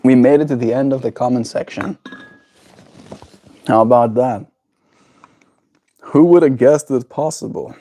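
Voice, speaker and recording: A young man talks loosely to his livestream audience, answering comments and teasing his viewers. His delivery is playful and joking, and it drops to quiet mumbles now and then. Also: mid-range voice, a little slow, long pauses, slight background noise. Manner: playful, teasing, drifting into silly put-on voices and quiet mumbles. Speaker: daily livestreamer. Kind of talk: casual livestream chat reading comments.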